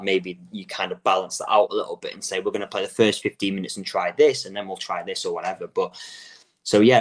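Talking casually as an interview guest, a young man from England discusses coaching soccer in a deep, low voice. His speech wanders, looping back on itself with restarted sentences and frequent fillers.

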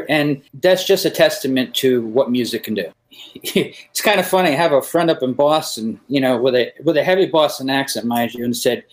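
A man's voice: mid-range voice, poor audio. A man, a pianist guest, talking with enthusiasm on a podcast, often restarting his sentences. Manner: enthusiastic, frequent stammered restarts. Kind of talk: conversational podcast interview.

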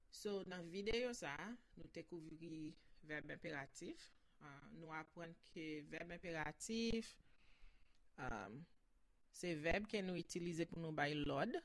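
Bright-voiced Haitian woman teaching patiently. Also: sits low. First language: Haitian Creole. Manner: patient, repeats phrases slowly with many ums and okays. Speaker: language teacher. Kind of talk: bilingual language lesson.

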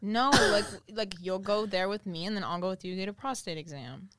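A woman's voice: mid-range voice, brisk, fairly bright tone. Bubbly young woman rambling chattily. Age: 20s. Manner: bubbly, rambling storyteller, heavy filler "like". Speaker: podcast co-host. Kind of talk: casual chat.

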